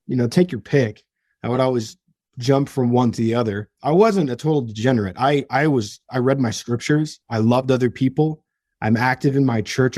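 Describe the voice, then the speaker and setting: A man's voice: medium pitch, dark tone, no room sound, clean studio sound. A young man, a podcast guest, telling his own story earnestly and emotionally, often restarting his sentences. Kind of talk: personal story in an interview.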